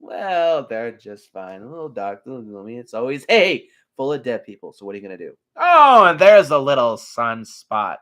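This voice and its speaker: Hades, a wisecracking underworld god. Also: male voice, medium pitch, sing-song, moderate pace, hardly any pauses, fairly bright tone. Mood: sardonic. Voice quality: sarcastic, smooth-talking. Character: wisecracking male god of the underworld, sly, fast-talking. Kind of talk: animated film dialogue.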